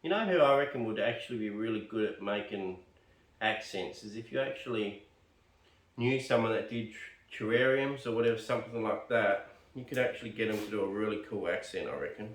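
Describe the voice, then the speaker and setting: A man's voice: fairly low pitch, a little fast. An Australian man rambling casually while potting plants, muttering and joking at himself. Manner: rambling, chatty, self-deprecating, muttering to himself. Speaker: bonsai vlogger. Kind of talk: casual narration while working. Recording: roomy sound, mic at a distance.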